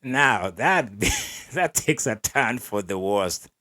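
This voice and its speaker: A man's voice: on the low side, animated, takes it slowly, pushed and bright. A man hosting an athletics podcast, giving wry, opinionated commentary and laughing between remarks. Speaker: podcast host.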